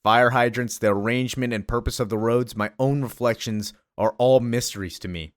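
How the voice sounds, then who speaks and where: A man's voice: mid-range voice, steady tone, normal speed, no room sound, natural voice. A man reading as a panicked, confused young man. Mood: anxious.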